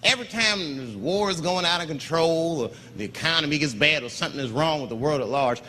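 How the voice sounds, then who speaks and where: Bright sharp-voiced guy doing standup, ranty and disbelieving, faint hiss. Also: on the high side, fairly quick. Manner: incredulous, ranting, profane. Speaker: stand-up comedian. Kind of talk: stand-up comedy set.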